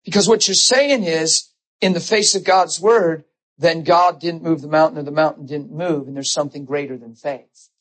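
A middle-aged man preaching a sermon, telling personal stories with emotion and animated quoted voices. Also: on the high side, normal speed, low-quality recording.

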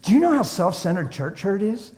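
A man preaching a sermon, telling stories and acting out conversations, swinging between hushed and loud. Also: high-pitched, sing-song, a little fast. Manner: acts out dialogue in different voices. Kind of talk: sermon with storytelling.

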